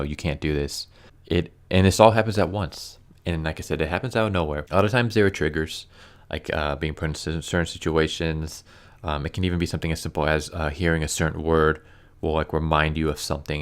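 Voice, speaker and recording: A man talking casually and earnestly to camera, halting often with fillers and restarts. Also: extremely low pitch, clear, resonant tone. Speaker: YouTuber reviewing comics. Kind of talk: casual personal commentary.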